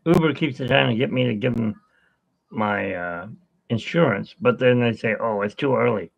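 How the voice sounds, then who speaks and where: A man's voice: mid-range voice, normal speed, creaky, highs cut off. A man hosting an art livestream, chatting in a rambling, easygoing way that often loses its thread. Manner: rambling, chatty, self-interrupting. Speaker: art channel host. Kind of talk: casual livestream chat.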